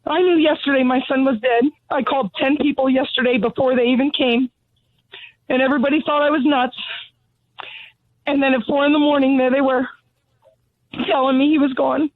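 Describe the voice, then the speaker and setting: A breathless middle-aged woman phones in, blunt and sarcastic, her anger raw. Her high voice comes through thin and tinny, as on a telephone line. The sound is dry and close, with no room around it. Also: steady tone, brisk, pauses often, dry recording. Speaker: caller. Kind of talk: call-in radio rant.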